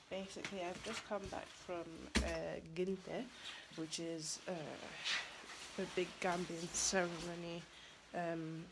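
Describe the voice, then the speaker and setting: A young woman, a student, talking casually to the camera in a rambling vlog, with lots of fillers and a rough, hoarse voice. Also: lowish voice, very noisy. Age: young adult. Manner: chatty, rambling with many fillers. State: hoarse morning voice. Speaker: student vlogger.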